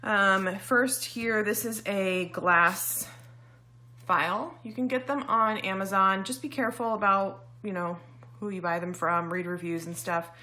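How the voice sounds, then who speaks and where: A woman's voice: mid-range voice, steady tone, unhurried, sharp tone. A woman vlogger casually demonstrating beauty products, chatty and explanatory with frequent ums, sounding slightly out of breath.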